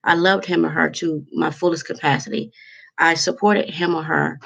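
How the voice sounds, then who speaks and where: Gravelly-voiced woman vlogger, close to tears. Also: low-pitched, steady tone, fairly bright tone. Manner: emotional, heartfelt, halting with many fillers. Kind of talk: candid to-camera monologue.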